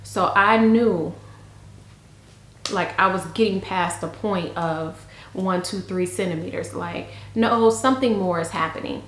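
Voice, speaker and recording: A young woman telling a story to camera in a chatty, frank, animated way. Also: fairly low pitch, a little slow, roomy sound, a little hiss or hum. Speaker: vlogger.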